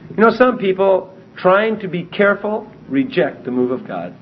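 A man giving a verse-by-verse Bible teaching, emphatic and animated as he reads scripture aloud and explains it. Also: sits high, moderate pace, a little hiss or hum. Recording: dull lo-fi recording.

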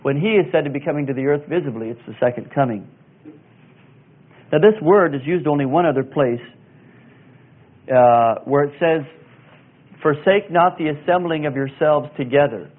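A man teaching verse by verse through a Bible passage, slow and deliberate, pausing with fillers and spelling out Greek words. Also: on the high side. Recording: tinny phone-like sound.

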